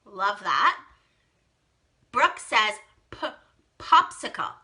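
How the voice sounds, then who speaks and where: A young female teacher runs a live phonics game, reading out children's guesses and praising them warmly. Her voice is very bright and swoops across a wide range of pitch. She speaks slowly and clearly, with excited gasps. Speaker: teacher hosting a live online lesson.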